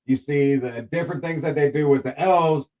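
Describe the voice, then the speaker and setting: A man's voice: on the high side, normal speed, warm tone, low-quality recording. A man hosting a casual talk show, playful and teasing as he introduces his guests. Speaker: host.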